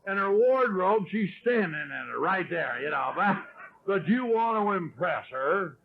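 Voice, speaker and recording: A middle-aged man telling his story at a recovery meeting, wry and self-mocking, often clearing his throat. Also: sits high, expressive, a little slow. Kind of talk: storytelling talk. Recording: tinny lo-fi 1970s tape.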